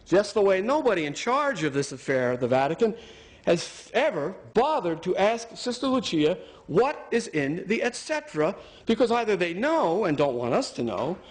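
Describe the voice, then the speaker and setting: A man giving an argumentative talk, sarcastic and emphatic as he builds his points. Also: a little high. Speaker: speaker.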